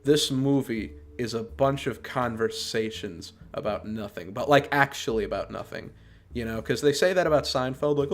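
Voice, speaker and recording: A man's voice: medium pitch, moderate pace. A man hosting a podcast, giving a casual, sarcastic and exasperated review of a movie.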